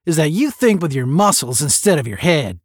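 A man's voice: a little high, sing-song, a little fast, no room sound, studio quality, pitched above the performer's own voice. A man voicing a sarcastic, cocky young male space cadet in a read-aloud story, sneering and cutting.

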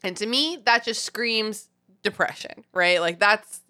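A young adult woman hosting a casual podcast, chatty and laughing often, acting out quotes in a high voice. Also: unhurried, bright, forceful tone. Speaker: podcast host.

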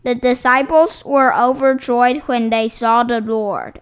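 Woman, scripture reading, measured and formal, smooth voice, high pitch. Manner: measured and even, each phrase set apart. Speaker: scripture reader. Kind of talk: slow formal Bible reading.

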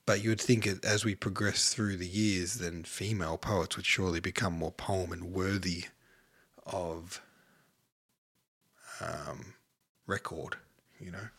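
A man's voice: low voice, fairly even intonation, a little slow, creaky, pauses often, fairly bright tone, husky. A man hosting a casual solo podcast, short of breath, rambling and offhand, sometimes sinking to a near-whisper. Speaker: podcast host.

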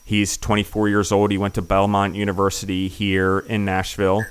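A middle-aged man hosting a podcast, chatting enthusiastically and rambling with fillers, his voice going hoarse. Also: fairly low pitch, monotone, normal speed. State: losing his voice. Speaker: podcast host. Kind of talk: casual interview chat.

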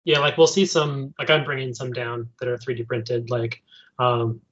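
A man's voice: mid-range voice, little pitch movement, normal speed, fairly bright tone. A man in casual podcast chat, easygoing and full of "like" fillers. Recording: dull lo-fi sound.

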